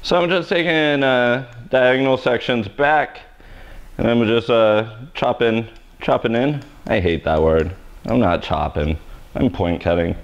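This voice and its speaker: A man's voice: medium pitch, unhurried, highs cut off. A man hosting a live haircut tutorial, cracking self-mocking jokes and blunt asides as he cuts. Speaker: hairstylist host of live haircutting show.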